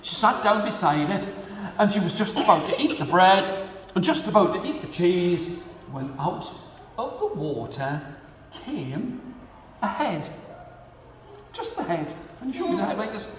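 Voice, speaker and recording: A high, lively male storyteller who leads children through a folk tale, coaxing them to do the actions with him. His voice swings widely in pitch, and it rings through a school hall with a long echo and faint room noise. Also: a little slow, long pauses. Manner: animated, coaxing the audience to join in with actions.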